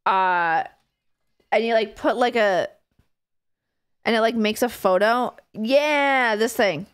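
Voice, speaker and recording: Slow and smooth, with a fairly high pitch, this thirtysomething woman hangs out in casual conversation with her stream. She laughs in frequent giggles and doesn't hold back on the swearing.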